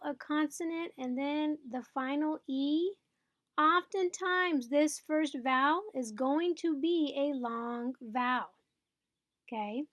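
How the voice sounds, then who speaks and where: A woman's voice: high-pitched, slow, a bit bright, no echo, studio quality. A woman teaching a phonics lesson, explaining patiently step by step and checking in with her students.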